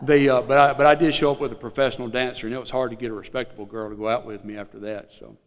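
A middle-aged man with a Southern US accent, telling a personal recovery story to a group in a halting, rambling way, full of fillers. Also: mid-range voice, fairly even intonation. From Mississippi Delta, USA. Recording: long hall reverb.

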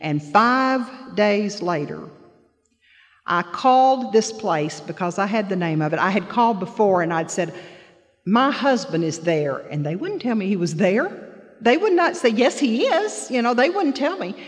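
A middle-aged woman giving a heartfelt personal testimony to an audience, telling her story earnestly and growing soft and low in the painful moments. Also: very animated, moderate pace, in a large hall. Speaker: guest speaker sharing personal testimony.

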